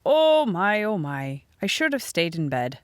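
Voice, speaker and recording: A woman's voice: on the low side, sing-song, a little slow, dry recording. A woman reading the part of a kindly, dry-humored older handyman in an audiobook. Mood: wry. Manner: dry, matter-of-fact grumbling.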